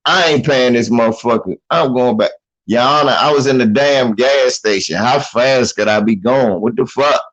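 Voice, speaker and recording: A man giving casual, profane commentary on a video, animated and laughing, often mimicking the people in it. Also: medium pitch, moderate pace, muffled recording.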